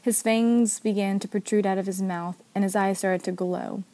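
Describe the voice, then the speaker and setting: A woman narrating a story aloud in a steady, even manner. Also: mid-range voice, normal speed. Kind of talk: story reading.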